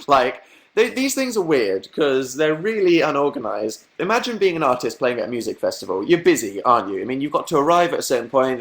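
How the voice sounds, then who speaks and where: In a laid-back livestream, a young man tells stories and reads through comments, frequently breaking into laughter and performing quotes in higher-pitched voices.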